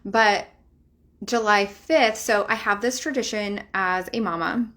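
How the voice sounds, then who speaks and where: A woman's voice: mid-range voice, unhurried, pushed and bright. A woman in her thirties, a spiritual life coach talking to camera in a chatty, emphatic way, swearing casually and laughing often.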